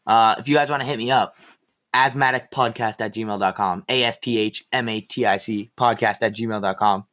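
Sarcastic rambling teen boy podcaster. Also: fairly low pitch. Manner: rambling, animated, sarcastic, quick to exasperation. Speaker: podcast host. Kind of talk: casual solo podcast rant.

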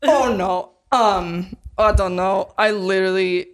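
A woman's voice: mid-range voice, takes it slowly. A young woman co-hosting a podcast in casual, giggly chat, swearing now and then. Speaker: podcast co-host.

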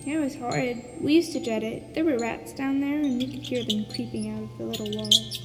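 A woman's voice: on the high side, steady tone, fairly quick, long reverb tail, soft background music, lightly acted. A woman reading a storybook aloud and voicing a plucky, curious young orphan girl in an earnest, matter-of-fact way.

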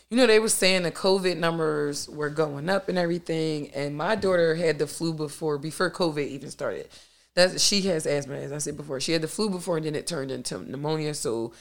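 A woman in her thirties hosts a casual solo podcast from home, speaking in a low, gravelly voice. She is loud and boisterous, candid and profane, and fills her speech with "like". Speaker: podcast host. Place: at home at her dining room table.

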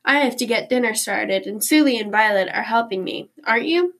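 A woman's voice: a little high, brisk, a bit bright. A woman reading as a friendly motherly lady.

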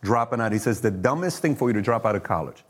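A man hosting a podcast, talking quickly in a casual way. He tells anecdotes with quoted dialogue, at a middle pitch. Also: expressive. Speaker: host.

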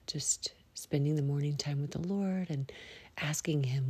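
A woman's voice: low-pitched, measured pace, mellow, breathy edge, dry recording. A woman from the United States hosting a casual podcast monologue, chatty and rambling, often sinking to a near whisper, with prayerful asides. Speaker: podcast host.

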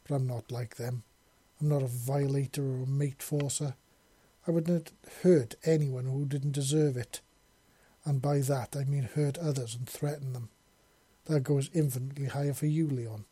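A man's voice: mid-range voice, fairly even intonation, normal speed, warm tone, slightly rough, dry recording, lightly acted. A man voicing a lovestruck, devoted and possessive female dragon-woman in an audiobook, making earnest, tender declarations. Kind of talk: audiobook character voice.

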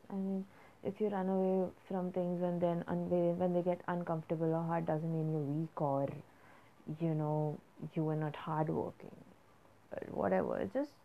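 A woman's voice: lowish voice, creaky. A young woman hosting a casual solo podcast, rambling and hesitant, with many fillers and restarts. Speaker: podcast host. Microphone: phone app recording. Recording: phone-like lo-fi audio.

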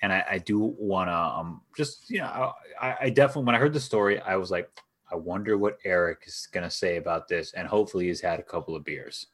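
A man with a low voice co-hosting a casual sports podcast. He talks in a laid-back, hesitant way, with lots of "um"s and an occasional curse. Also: fast, a bit bright. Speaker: podcast co-host.

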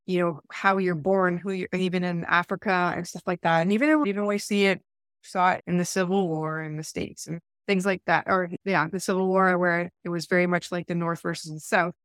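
A woman's voice: on the low side, steady tone, brisk, no room sound, clean studio sound. A young woman from Eastern Ontario co-hosting a podcast, talking in a rambling, self-correcting, conversational way. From Eastern Ontario, Canada. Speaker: podcast co-host. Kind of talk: casual podcast discussion.

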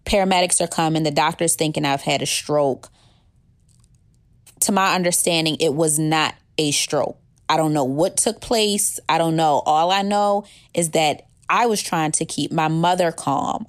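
A woman's voice: deep voice, normal speed, no room sound, studio quality. A young adult woman telling her own story in a candid, conversational way with casual slang. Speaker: former 911 dispatcher telling her story. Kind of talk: personal storytelling.

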